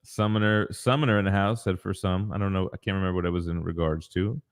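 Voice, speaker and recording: This co-host of a collectibles morning show has a low, clear, resonant voice with a steady tone and a quick pace. In his forties, he runs a casual live show from his home basement, reading chat messages, talking in slang and cursing freely.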